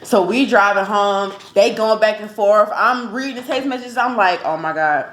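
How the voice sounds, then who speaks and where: A young woman chatting casually alongside her boyfriend, talking in a relaxed way with lots of "like". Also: medium pitch, moderate pace. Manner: chatty, filler-heavy with "like". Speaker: co-host girlfriend. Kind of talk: casual storytelling chat. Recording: roomy echo, faint noise.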